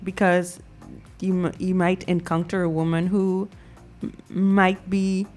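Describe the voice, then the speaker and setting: A woman hosts a call-in radio show, thinking aloud and weighing each point with soft fillers. Her voice sits lower than most women's, and faint music plays beneath her. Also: little pitch movement, a little slow. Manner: thoughtful, warm filler-laden musing. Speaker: radio talk show host.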